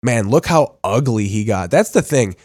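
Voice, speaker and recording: A man's voice: mid-range voice, expressive, normal speed, a little mellow, no room sound, clean studio sound. A man hosting a podcast, doing casual, profane commentary in a mocking, crude tone with heavy swearing. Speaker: podcast host. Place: studio in a large city.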